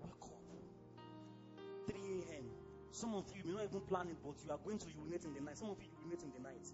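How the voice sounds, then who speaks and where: A man with a Nigerian accent preaching a sermon as pastor, fiery and exclamatory, breaking into sudden shouts. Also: fairly high pitch, quick pace, highs cut off, over loud music.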